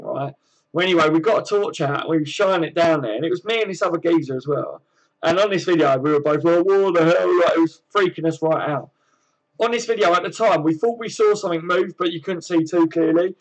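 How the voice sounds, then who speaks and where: Chatty bloke with a high voice. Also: male voice, poor audio. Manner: chatty and laid-back, with slang and fillers. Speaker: host of a fan live stream. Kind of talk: casual live-stream chat reading viewer comments.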